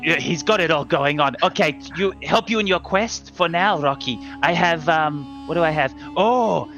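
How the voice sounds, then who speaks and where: A man's voice: on the high side, fairly bright tone, lo-fi sound, faint music behind. A man playing a hammy evil wizard in an improvised comedy sketch, theatrical and jokey. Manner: theatrical, jokey, drawn-out phrases. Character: hammy evil wizard, oddly Italian-tinged.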